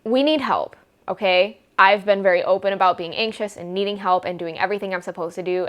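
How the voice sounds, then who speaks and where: Woman, young adult, casual storytime vlog, exasperated, sarcastic, rambling, low-ish pitch. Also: a bit bright. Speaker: vlogger.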